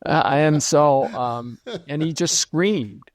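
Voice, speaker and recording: Older man in his seventies reminiscing. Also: a little high. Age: 70s. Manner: reflective, unhurried, with frequent "uh" and restarts. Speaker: lighting designer guest. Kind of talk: conversational interview storytelling.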